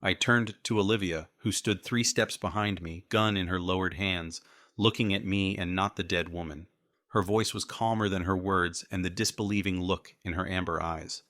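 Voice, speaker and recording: A male narrator reads an audiobook in the first person. He tells the story at a measured, even pace. His voice is deep with a bright, forceful edge, and the sound is close and dry. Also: no echo.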